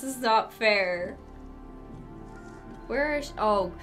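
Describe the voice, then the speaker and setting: A woman hosting a movie reaction, excitable, gasping and breaking into loud outbursts. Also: a little high, slow, long pauses, faint music behind.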